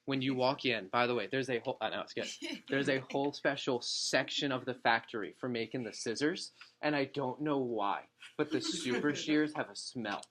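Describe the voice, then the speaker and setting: A man speaking as a district manager to his sales team, an animated storyteller who acts out quotes and jokes, in a meeting room with an audience. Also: mid-range voice, normal speed. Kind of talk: motivational talk to a room.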